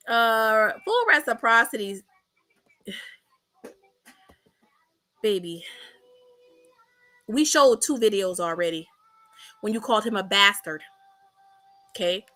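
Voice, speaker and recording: Sharp-voiced mocking woman commentator. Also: fairly high pitch. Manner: blunt, mocking, sassy. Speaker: commentary channel host. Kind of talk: reaction commentary.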